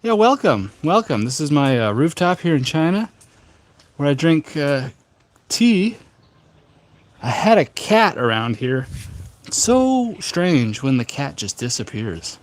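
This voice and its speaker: A man's voice: fairly high pitch, very animated, slow, no echo. A man hosting a casual tea livestream from a rooftop, talking in a rambling, chatty way full of fillers. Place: outdoor rooftop.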